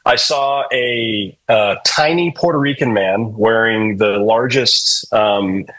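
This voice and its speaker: Laid-back and profane, a New Hampshire man guesting on a podcast spins casual stories full of fillers. He speaks slowly in a lowish, husky, slightly bright voice, and the audio quality is poor.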